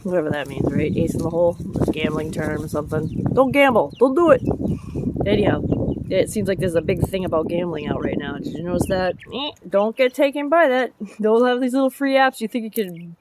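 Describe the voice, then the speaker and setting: This woman's voice sits lowish and moves fairly quickly over a very noisy recording. In a casual rambling vlog, the public works truck driver bounces from her chickens to driving dump trucks, chattering and laughing a lot along the way.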